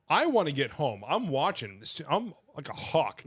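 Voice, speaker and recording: A man co-hosting a podcast, telling a story in relaxed casual chat and laughing often. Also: fairly high pitch, measured pace, breathy edge. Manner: laid-back storytelling, laughs often, agreeable fillers. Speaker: podcast co-host.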